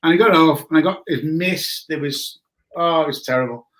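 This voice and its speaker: A man in his forties telling a story in a casual chat, animated and laughing often, greeting viewers as he goes. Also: on the high side, moderate pace. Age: 40s. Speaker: guest.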